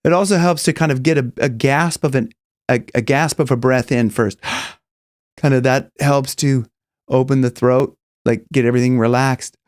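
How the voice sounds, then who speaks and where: A man teaching singing, explaining casually and breaking into high sung examples. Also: steady tone, moderate pace, dry recording, studio quality. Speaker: vocal coach. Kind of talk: singing lesson with demonstrations.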